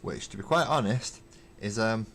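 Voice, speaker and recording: A man hosting a casual livestream while painting miniatures, rambling wryly and thinking out loud as he answers viewer comments from his hobby room at home. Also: fairly low pitch, animated, moderate pace, vocal fry, a little hiss or hum. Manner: rambling, wry, thinks aloud with fillers. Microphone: webcam.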